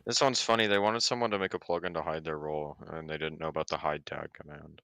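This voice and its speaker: A man's voice: very deep voice, fairly even intonation, quick pace, creaky, sharp tone, clear, resonant tone, no echo, studio quality. A man chatting casually on a stream, making offhand, wry remarks. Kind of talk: casual chat.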